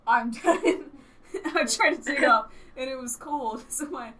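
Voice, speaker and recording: Woman laughing thru her story, bright tense voice, mic kinda far. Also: high-pitched. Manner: quick, laughing storyteller who trails off into laughter. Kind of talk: casual chat.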